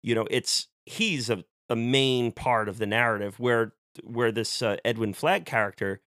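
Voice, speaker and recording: Man, podcast co-host, rambling, stop-start, mid pitch, dry sound. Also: a bit bright, dry recording. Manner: rambling, halting, many restarts. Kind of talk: casual film discussion.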